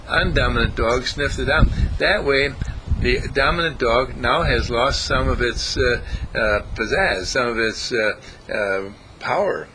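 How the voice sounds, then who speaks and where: A man giving an informal spiritual talk, animated and acting out voices as he goes. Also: mid-range voice, noisy background. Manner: animated, acts out voices, chuckles often.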